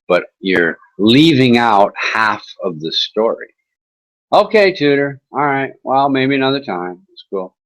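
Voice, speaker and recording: A man's voice: fairly low pitch, fairly bright tone, poor audio. A man hosting an internet talk show, chatting in a casual, rambling way with mocking sarcasm and swearing.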